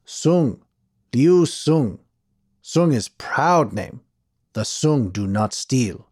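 A man voicing a proud, dignified laundryman who speaks in clipped, halting broken English. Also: mid-range voice, expressive, a little mellow, breathy edge, dry recording, studio quality, full character voice.

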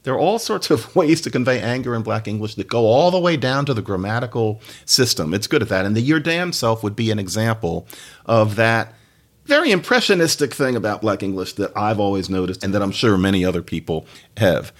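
A man's voice: fairly low pitch, animated, brisk. A man hosting a podcast, giving a casual solo talk on language with chatty, laughing asides. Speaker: podcast host, linguist.

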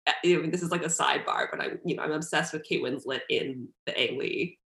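A woman with a very low voice chats casually, her sentences halting and full of fillers. The recording has a roomy echo around her. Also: gravelly, fairly bright tone. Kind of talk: casual discussion.

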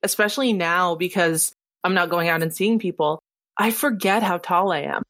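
A woman's voice: lowish voice, normal speed, fairly bright tone, no room sound. A woman in her thirties, co-hosting a podcast in casual chat, teasing and laughing often. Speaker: podcast co-host.

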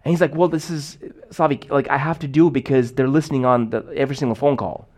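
A man's voice: mid-range voice, steady tone, fast talker, a little mellow. A young man preaching a sermon in a casual, storytelling way, full of fillers and restarts. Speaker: pastor.

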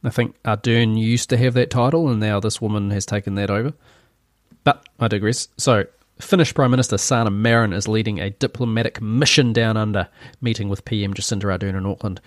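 A man's voice: fairly low pitch, steady tone, brisk, no room sound, studio quality. A man hosting a solo opinion podcast, talking in a sarcastic, rambling way. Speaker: podcast host.

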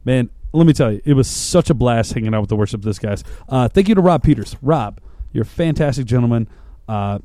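A man rambles through his podcast sign-off in a loose, chatty way. His voice is mellow and rather dark, and it is recorded dry and close with no room sound around it. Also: mid-range voice, animated, fairly quick, no echo. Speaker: podcast host. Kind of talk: casual podcast outro.

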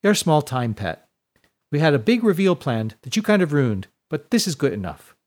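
A man's voice: a little high, sing-song, normal speed, darkish tone, pitched above the performer's own voice. A man voicing a defiant, dry-witted young woman in a storybook reading, with wry, unbothered delivery and rural vowels.

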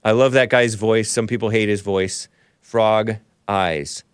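A man hosting a casual live-stream talk show, rambling and joking, laughing often and jumping into a high voice at times. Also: steady tone, moderate pace, smooth, dry recording, clean studio sound. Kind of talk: casual live-stream chat reading viewer messages.

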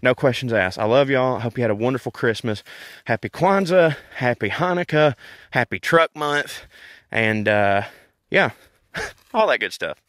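A man's voice: medium pitch, moderate pace, no echo, clean studio sound. Profane, wry man ranting outdoors. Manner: profane, wry and animated, laughing between points. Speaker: podcast host. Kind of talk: casual walking rant. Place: outdoors walking in a park.

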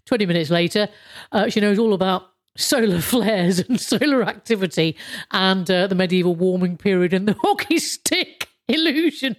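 A woman's voice: mid-range voice, animated, normal speed. A British woman hosting a podcast in a casual monologue, rambling with frequent chuckles and casual swearing. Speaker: podcast host.

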